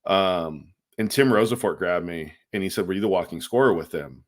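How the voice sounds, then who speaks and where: A man co-hosting a podcast, telling a long story in a casual, animated way, acting out quotes and using many fillers. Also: sits low, normal speed. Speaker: podcast co-host.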